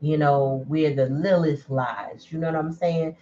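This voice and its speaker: A woman's voice: sits low, steady tone, unhurried, warm tone, highs cut off, a little hiss or hum. A woman giving a casual livestream tarot reading, chatty and blunt in a straight-to-the-point way. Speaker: tarot reader.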